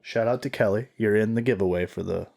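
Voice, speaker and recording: A man's voice: lowish voice, quick pace, vocal fry. A man in his twenties from the Pacific Northwest, co-hosting a podcast in casual, jokey chat. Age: 20s. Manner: animated, jokey, rambling storyteller. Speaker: podcast co-host.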